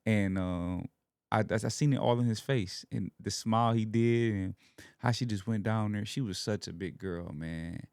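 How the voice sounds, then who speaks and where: A young man from Alabama talks as a podcast guest. His voice sits low, and the recording is dry and close with no room sound. He speaks in an earnest, heartfelt way and holds back emotion as he shares personal faith. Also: normal speed, darkish tone, smooth, dry recording. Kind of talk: casual heartfelt conversation.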